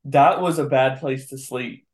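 A young man co-hosting a podcast, chatting casually and teasing with quick reactions. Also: mid-range voice. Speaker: podcast co-host. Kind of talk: casual chat.

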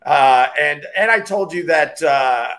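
A man hosts a loose, casual chat at a bar. His voice sits on the high side, and he jokes, rambles and laughs easily. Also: expressive, a bit bright. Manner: jokey, rambling, quick to laugh. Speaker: show host. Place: bar in New York City.

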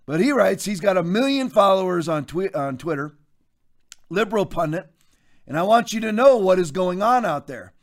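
A man's voice: high-pitched, animated, moderate pace. A man hosting a political commentary show, talking in an emphatic, mocking way with folksy asides. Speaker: host.

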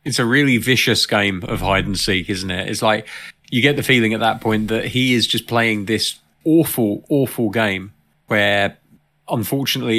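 A man co-hosting a movie podcast, speaking in a measured, agreeable way with some hesitations. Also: fairly low pitch, sharp tone. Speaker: podcast co-host. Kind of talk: casual movie discussion.

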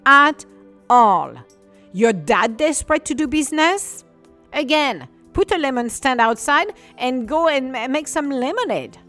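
A woman's voice: high voice, very animated, unhurried, fairly bright tone, soft background music. A woman in an indignant, scolding rant to camera, with slightly non-native English phrasing. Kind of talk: ranting monologue to camera.

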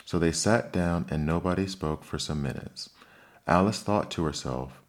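Very deep-voiced male storybook narrator. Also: moderate pace.

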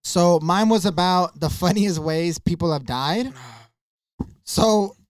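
A man's voice: high voice, takes it slowly, clear, resonant tone, no echo. Profane podcast co-host, man, dry sound. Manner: profane, animated storytelling. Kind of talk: casual podcast chat.

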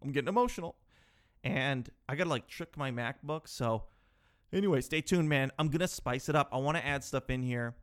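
Smooth and mid-range, this man's voice moves at a moderate pace as he hosts his own podcast solo. He's thirty, recorded on a podcast microphone, and his rambling, self-mocking talk turns steadily more exasperated.

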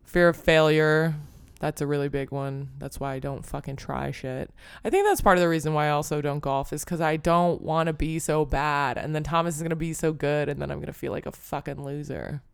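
A woman's voice: sits low, fairly even intonation, fairly quick, creaky, hardly any pauses, clean tone, no room sound, studio quality. A young adult woman hosting her own podcast, talking alone in a rambling, self-deprecating way, full of "like" and casual cursing. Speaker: podcast host. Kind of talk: casual solo podcast monologue.

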